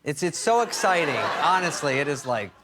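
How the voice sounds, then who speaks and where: Wry man with lively high voice. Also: a little fast, very noisy. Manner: wry, mocking, acts out quoted voices. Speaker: talk show guest. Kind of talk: comic storytelling.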